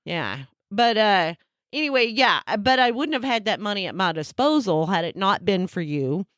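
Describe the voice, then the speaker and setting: A woman co-hosting a casual couple podcast at home, halting and giggly, with plenty of fillers. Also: mid-range voice, animated, fairly bright tone, no echo, clean studio sound. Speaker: podcast co-host. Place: at home, cat in the room.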